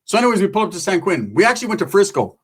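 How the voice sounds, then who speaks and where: A man's voice: sits high, big pitch swings, racing, slightly rough. Profane rambling male storyteller. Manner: profane, rambling, slang-heavy. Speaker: comedic storyteller. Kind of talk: casual comedic storytelling.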